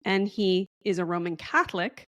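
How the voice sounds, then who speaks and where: A woman's voice: medium pitch, steady tone, normal speed, fairly bright tone, dry recording. A woman guest in a casual podcast interview, telling a long story in a chatty, rambling way and acting out the dialogue.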